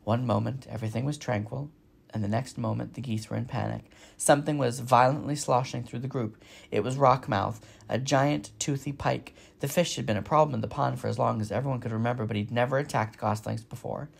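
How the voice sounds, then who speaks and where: A man reading a children's novel aloud with steady, expressive narration. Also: mid-range voice, fairly quick, vocal fry, husky. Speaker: storybook reader.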